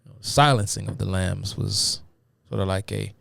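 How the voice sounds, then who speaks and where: Deep gravelly man lecturing casually. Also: normal speed, fairly bright tone, a little hiss or hum. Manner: rambling, many fillers, addresses viewers as y'all. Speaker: host of a live talk stream. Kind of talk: casual live-stream lecture.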